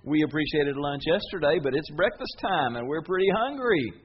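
A man voicing a pushy, sarcastic crowd that demands free food, higher and louder than his own speech. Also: lively intonation, moderate pace, dull audio, natural voice. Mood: whiny.

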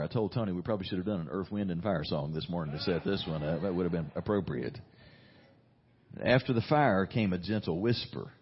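A male pastor preaches a sermon in an earnest, conversational way, reading scripture and pressing his points with emphatic rises. His voice is low and husky, heard through a dull, lo-fi recording. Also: fairly quick.

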